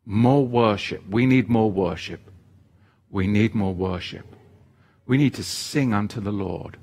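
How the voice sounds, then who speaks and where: A man preaching a sermon, emphatic and repetitive, swinging between loud exhortation and quieter asides. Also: fairly low pitch, a little slow.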